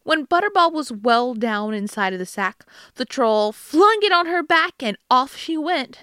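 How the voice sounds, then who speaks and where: A woman reading a fairy tale aloud in an unhurried, gentle storybook manner. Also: high voice, very animated, smooth, no room sound, studio quality.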